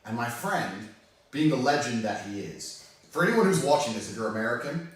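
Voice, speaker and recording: A man telling a story in casual chat, animated, laughing often and swearing freely. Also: mid-range voice, fairly quick. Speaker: storyteller on a podcast. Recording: echoey room from far off.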